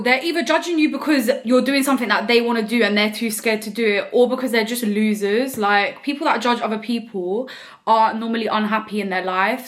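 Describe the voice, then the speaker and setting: Chatty young woman vlogger, fairly high. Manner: chatty, relaxed, filler "like" often. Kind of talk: casual mukbang chat.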